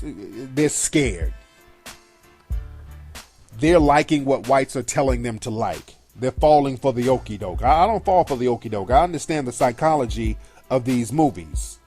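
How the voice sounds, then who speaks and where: A middle-aged man hosting a radio show delivers an emphatic, opinionated monologue, tearing into a film with blunt, profane scorn. His voice is mid-range with a darkish tone, and faint music plays behind him.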